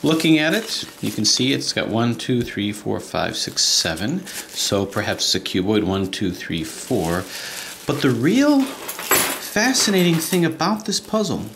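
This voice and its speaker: A man's voice: medium pitch, huge pitch swings, measured pace, gravelly. A man who collects puzzles, chatting enthusiastically in a casual unboxing demonstration at home at night while he handles a puzzle. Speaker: puzzle collector and video host. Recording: noisy home video with clicks.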